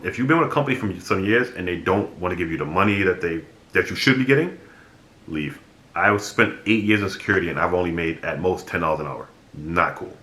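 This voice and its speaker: Deep-voiced man telling a story bluntly. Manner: blunt and animated, swears freely. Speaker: vlogger. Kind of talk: casual storytelling monologue. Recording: echoey room.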